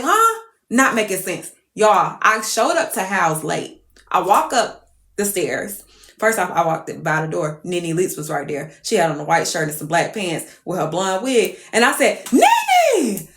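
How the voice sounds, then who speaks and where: A woman's voice: mid-range voice, bright, forceful tone, roomy sound. A woman telling a story casually to her viewers, profane and exclamatory.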